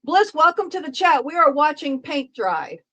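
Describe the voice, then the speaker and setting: A woman's voice: high voice, very animated, normal speed, fairly bright tone, rough recording. A woman live streamer chatting casually with her viewers, rambling, joking and repeating herself as she talks to the chat.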